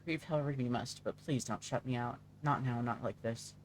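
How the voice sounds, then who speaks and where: A man's voice: medium pitch, brisk, slight background noise, natural voice. A man reading out the texts of a grieving middle-aged mother, in a pleading, anxious voice. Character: grieving middle-aged mother texting her daughter's friend.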